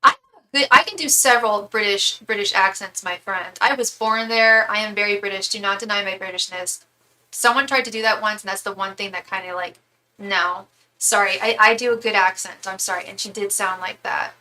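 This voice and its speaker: A woman's voice: mid-range voice, fairly even intonation, a little fast, sharp tone. A young woman reading tarot on a live stream, rambling and chatty, full of fillers as she tells stories. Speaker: tarot reader and psychic medium. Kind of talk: casual live-stream chat.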